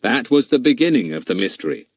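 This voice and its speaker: Polite serious schoolboy sleuth, read by a man, lively ups and downs. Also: mid-range voice, quick pace, dry recording, pitched above the performer's own voice.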